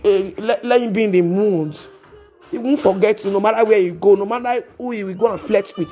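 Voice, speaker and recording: A woman's voice: lowish voice, dark tone. A woman with a Nigerian accent, chatting casually on a live stream and sliding between Pidgin and English, with frequent laughs. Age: adult with children.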